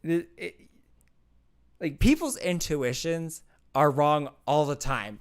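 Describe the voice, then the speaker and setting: A man hosts a casual livestream, reading chat aloud and reacting sarcastically, laughing and repeating himself. His voice is on the high side and clean, with lively intonation, a slow pace and long pauses.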